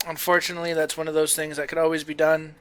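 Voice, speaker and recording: Chatty bright-voiced male game streamer. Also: a little high, monotone, fast, smooth. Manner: upbeat and chatty, with loud showman greetings. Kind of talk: casual gameplay chat.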